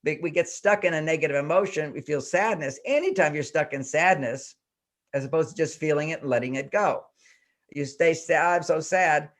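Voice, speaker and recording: A man's voice: a little high, fairly quick. Older man explaining step by step. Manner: earnest, explains step by step, acts out inner voices; self-questioning with repeated rhetorical questions. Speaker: guest relationship expert. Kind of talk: explanatory interview talk.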